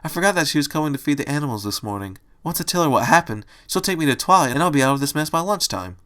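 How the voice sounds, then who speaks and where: A man voicing a timid young mare turned into a rabbit, speaking hesitantly and softly. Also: a little high, expressive, very fast, voice pushed up. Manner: hesitant, soft-spoken.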